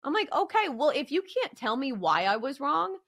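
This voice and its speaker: A woman's voice: sits high, sing-song, moderate pace, fairly bright tone. A woman hosting a sports betting show, arguing her point with emphasis. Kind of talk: opinion commentary.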